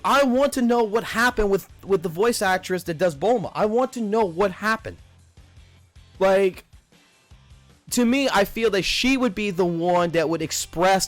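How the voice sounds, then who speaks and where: A man in his thirties giving casual stream commentary as a livestreamer, ranting in an animated, profane, rambling way. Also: high-pitched, no echo. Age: 30s.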